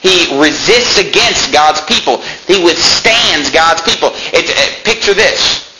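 A man's voice: fairly high pitch, animated, a little slow, hardly any pauses, noisy background. A man preaching a sermon in a church, reading scripture aloud and telling his listeners which words to underline. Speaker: pastor.

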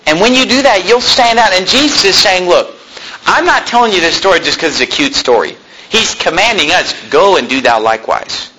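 Brief: male preacher, animated and jokey, bright tone, faint background noise. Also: fairly quick, low-quality recording. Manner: animated, jokey, acts out quoted people in a high voice. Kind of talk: sermon.

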